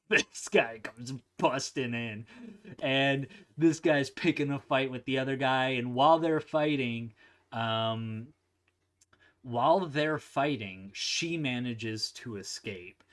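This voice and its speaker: Male movie host, mid-pitched, chatty recap style with playful character voices. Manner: animated, laughs, acts out quotes in silly voices. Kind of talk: casual film recap.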